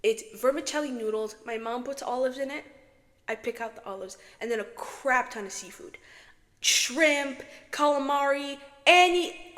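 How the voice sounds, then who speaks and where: A woman's voice: a little high, a bit bright. A young woman from Morocco chatting dramatically to camera as a vlogger, with a strong echo effect on her voice. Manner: chatty, dramatic, self-talking. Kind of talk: casual chat vlog. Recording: echoey reverb from an echo setting.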